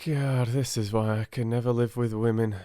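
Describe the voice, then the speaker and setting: A man's voice: medium pitch, steady tone, moderate pace, dark tone, dry recording, studio quality, pitched above the performer's own voice, close to an everyday voice. A man voicing an easygoing, footloose middle-aged father who speaks mildly and wryly in an audiobook. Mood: exasperated. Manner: mild, wry. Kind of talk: audiobook character voice.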